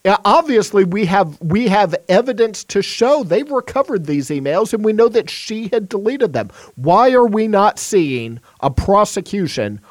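A man's voice: sits high, very animated, normal speed, few pauses, no room sound. A man hosting talk radio, emphatic and indignant as he argues his point. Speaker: radio host.

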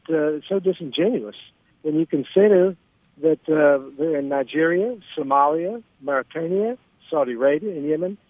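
Male interview guest calling in, firm and filler-heavy, slightly higher voice, phone-line sound. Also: no echo. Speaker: guest politician. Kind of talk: radio interview.

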